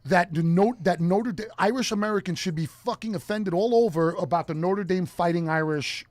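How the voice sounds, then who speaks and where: A man's voice: high voice, fairly quick, a little mellow, no echo. A man co-hosting a radio talk show, swearing a lot as he rants in casual chat, recorded in a studio. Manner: profane ranting, heated. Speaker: co-host.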